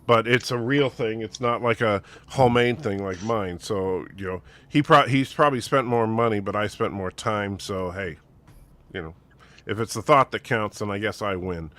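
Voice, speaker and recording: A man's voice: fairly low pitch, normal speed, sharp tone. A man chatting casually and earnestly about his plans, rambling with lots of fillers. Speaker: show co-host and streamer. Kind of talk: casual chat.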